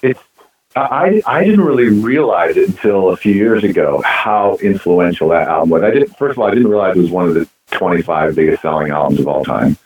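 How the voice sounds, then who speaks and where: A male musician guest telling stories in a casual interview, animated and stumbling over repeated words. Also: sits low, a little fast. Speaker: guest musician, band frontman. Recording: roomy echo.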